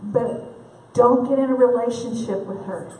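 High-voiced woman speaking in an echoey hall. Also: a little slow, dark tone, a little hiss or hum. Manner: candid, self-deprecating, laughs often. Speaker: conference speaker. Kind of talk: humorous faith talk. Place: large event hall. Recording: echoey hall, distant mic.

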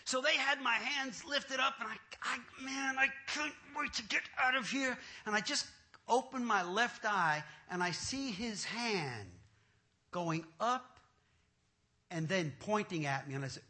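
Bright, animated man telling a funny testimony. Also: extremely high pitch, measured pace. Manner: animated, self-mocking storyteller who laughs at himself. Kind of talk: comic personal testimony.

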